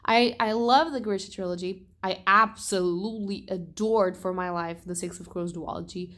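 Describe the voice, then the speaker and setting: An animated young woman chats on her reading vlog, often exasperated and quick to swear. Her pitch sits in a middle range for a woman. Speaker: book vlogger.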